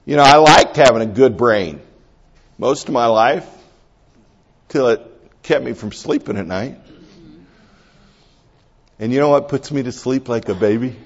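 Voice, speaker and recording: A middle-aged pastor delivers a sermon, moving between quiet, slow prayer and loud, high-pitched, excited exhortation. The high frequencies in the recording are cut off.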